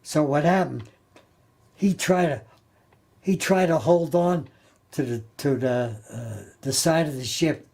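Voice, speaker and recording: Older man telling a halting war story. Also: fairly high pitch, creaky, a little mellow. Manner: halting, repeats and restarts words; plain-spoken, colloquial grammar. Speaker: Navy veteran interviewee. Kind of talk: oral history storytelling.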